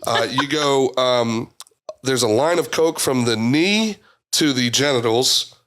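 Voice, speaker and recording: A man of middle pitch sits in as a guest on a casual podcast. He trades crude jokes and loose, swaggering banter with the hosts. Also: takes it slowly, fairly bright tone.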